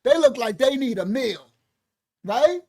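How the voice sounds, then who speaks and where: Man, ministry host, casual animated commentary, laughs a lot. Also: very high voice, measured pace. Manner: animated, laughs often, jokey storytelling. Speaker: ministry host reacting to a video.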